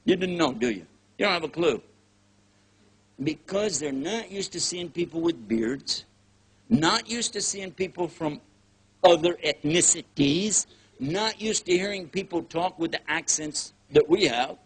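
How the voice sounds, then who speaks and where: A man's voice: fairly high pitch, animated, measured pace, breathy edge. An older man with a Texan accent giving a casual, joking lecture as a preacher, acting out little scenes in other voices. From Texas, USA. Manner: folksy, joking, acts out scenes in quoted voices.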